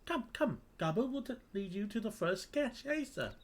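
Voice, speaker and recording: A man's voice: high-pitched, sing-song, moderate pace, pitched above the performer's own voice, heavily acted. A man voicing a timid, eager little male kobold who repeats his words and speaks in broken grammar. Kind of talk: voicing game dialogue aloud.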